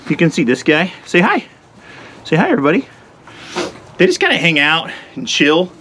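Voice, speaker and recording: A man's voice: on the high side, wildly swooping pitch, normal speed, pushed and bright, slight background noise. Ranch vlog guy outside in the cold, kinda breathless, rambly and laid back. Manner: easygoing and rambling. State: chilly and a bit out of breath. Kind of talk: casual vlog talk to camera. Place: outdoors at a sheep pen in the cold.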